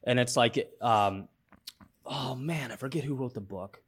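A man's voice: mid-range voice, unhurried, breathy edge. A man speaking as a podcast guest, thoughtful and full of fillers and restarts. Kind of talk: casual interview talk.

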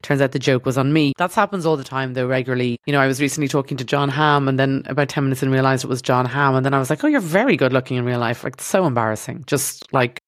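A woman's voice: very deep voice, fairly even intonation, quick pace, hardly any pauses, no room sound. An Irish woman hosting a podcast from a studio, talking in a rambling, self-deprecating comedic monologue that swears freely. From Ireland. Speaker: podcast host.

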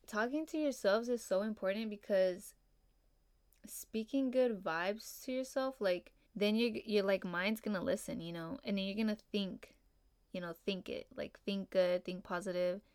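A young woman chats through her solo podcast in a relaxed, upbeat way, leaning on "like" and "you know" as she goes. Her voice comes across smooth and clear. The recording is close and dry. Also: medium pitch, moderate pace, no echo. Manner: laid-back, upbeat, heavy on fillers like "you know" and "like". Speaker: podcast host. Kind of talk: casual solo podcast talk.

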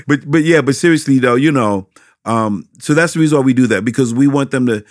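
Man, middle-aged, pastor, interview answers, animated preacher emphasis, repetitive phrasing, dry close sound. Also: medium pitch, normal speed, no echo. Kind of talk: interview answers about teaching children.

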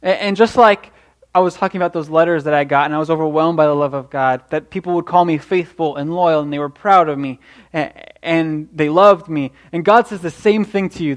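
A young adult preacher gives a sermon of earnest encouragement at a brisk pace. His voice sits a little high for a man, and he often stumbles and restarts his phrases.

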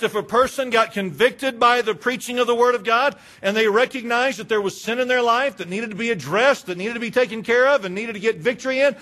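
A man's voice: extremely high pitch, a bit bright. A man, a pastor, preaching a sermon in a conversational way, asking rhetorical questions and mimicking indifferent churchgoers.

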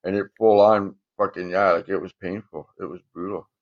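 Guy with a lowish voice, swearing a lot and chuckling through a rambling story, kinda dull lo-fi sound. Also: steady tone, brisk. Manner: profane, rambling, chuckles often. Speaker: guest, former prisoner. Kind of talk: casual storytelling in a podcast interview.

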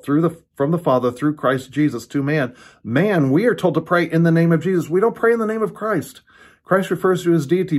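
A man giving an earnest Bible teaching from his home, quoting verses and often pausing to restart his sentences, recorded on a computer or phone. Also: mid-range voice, darkish tone. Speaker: pastor. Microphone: computer or phone camera.

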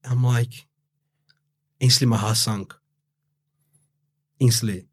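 A man's voice: mid-range voice, steady tone, measured pace, long pauses, darkish tone. Young Australian man, interview guest, rambling street talk, swears often. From Brazil, raised in Australia. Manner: rambling, heavy swearing and fillers, quotes himself. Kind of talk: casual interview storytelling.

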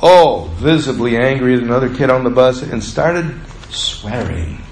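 Folksy preacher in an echoey church. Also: male voice, animated, darkish tone, a little hiss or hum. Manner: folksy storyteller, drawn-out emphasis, dips low on asides. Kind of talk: sermon. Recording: echoey room with faint ambience.

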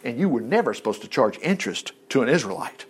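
A man preaching a sermon, retelling a Bible story in a folksy, animated way with quick asides. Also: mid-range voice, slightly rough.

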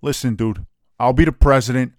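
Co-hosting a casual soccer chat, this man speaks a little fast with a mid-range voice and fairly even intonation. His manner is brash, opinionated, and profane, and the recording is dry with clean studio quality.

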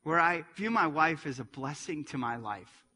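A middle-aged man preaching a sermon as a pastor, swinging between loud, forceful passages and hushed, quiet ones. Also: a little high, lively intonation, normal speed, breathy edge. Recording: long hall reverb.

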